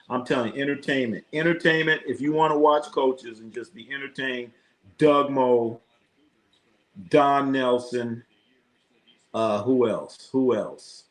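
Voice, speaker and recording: Guy on a sports livestream, loose rambling chat, repeats himself a lot, asks the chat stuff. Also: mid-range voice.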